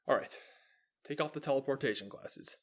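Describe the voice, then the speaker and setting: Medium in pitch and moderate in pace, a young American man hosts his own video show with lively explanatory talk. His style is upbeat and lecturing.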